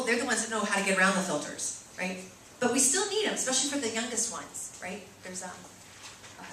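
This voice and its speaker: A Catholic sister from Boston giving a lively, chatty talk to students and parents, often checking in with "right?". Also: female voice, medium pitch, a little hiss or hum. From Boston, USA. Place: large room with an audience. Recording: echoey room, mic far off.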